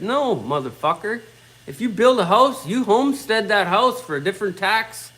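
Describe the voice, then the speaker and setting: A man's voice: high-pitched, lively intonation, moderate pace, pushed and bright, low-quality recording. Profane ranting middle-aged man. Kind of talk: casual rant.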